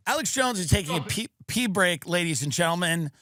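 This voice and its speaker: Man, podcast host, high-pitched, dry studio sound, sarcastic, rambling, deadpan. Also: brisk, dry recording. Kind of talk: comedy podcast riffing.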